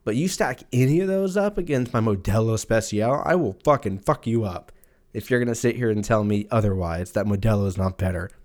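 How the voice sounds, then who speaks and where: A man's voice: on the low side, a little fast, darkish tone. A man in his thirties hosting a casual solo podcast, rambling and cursing with jokey asides. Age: 30s. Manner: profane, rambling, jokey, puts on silly voices for quotes. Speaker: podcast host.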